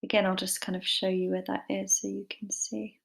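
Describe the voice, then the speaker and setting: A woman's voice: mid-range voice, flat delivery, a little fast, vocal fry. A woman giving a casual online English literature lesson, chatty and informal with lots of fillers and some self-deprecating humour.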